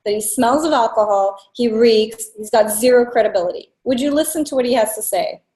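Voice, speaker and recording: A woman's voice: on the high side, warm tone, reverberant, poor audio. Blunt, swearing woman business coach. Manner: blunt, swears freely, fast asides. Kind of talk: casual coaching talk to students.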